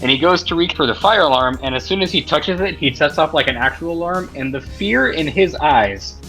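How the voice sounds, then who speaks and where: A man's voice: fairly high pitch, fairly quick, soft background music, poor audio. Laughing young man telling stories on a podcast. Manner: laughs a lot, animated when retelling stories. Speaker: podcast co-host. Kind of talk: casual podcast chat.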